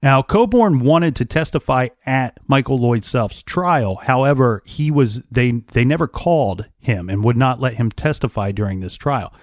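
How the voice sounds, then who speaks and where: A man co-hosting a true crime podcast, recounting case details at a quick clip with dry asides. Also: mid-range voice, expressive, no echo. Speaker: podcast co-host.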